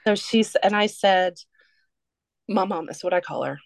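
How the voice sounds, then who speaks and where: A woman's voice: medium pitch, unhurried, gravelly, no echo. A woman guest on a podcast, telling a personal story in a candid, earnest way. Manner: candid, earnest, steady through a heavy story.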